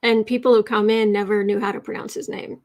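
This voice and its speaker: A woman's voice: medium pitch, level tone, fairly quick. A woman hosting a casual writing livestream, chatting with viewers and reading out comments before a short lesson. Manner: chatty, reads viewer comments aloud, self-correcting. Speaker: livestream host and writing coach.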